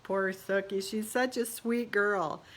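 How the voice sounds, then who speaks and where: A woman's voice: mid-range voice, fairly even intonation, slow, fairly bright tone. A middle-aged woman talking casually to her phone camera during a home remodel, tired and burnt out, rambling with frequent laughs and exasperated asides. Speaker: realtor remodeling her own house. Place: house under renovation, indoors. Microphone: phone camera held by speaker.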